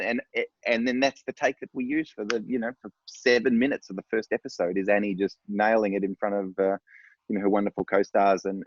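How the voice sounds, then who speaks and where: A low-pitched man talks through a long anecdote in a loose, rambling way, restarting his sentences. The sound is dry and a little dull, as on a video call. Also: no room sound. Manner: rambling, warm storytelling with restarts. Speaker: director on a panel. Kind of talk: casual panel discussion.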